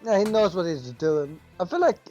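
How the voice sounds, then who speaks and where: A podcast co-host chatting casually, halting and trailing off in loose sentences. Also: mid-range voice, very animated, dark tone, lo-fi sound, faint music behind. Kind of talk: casual chat.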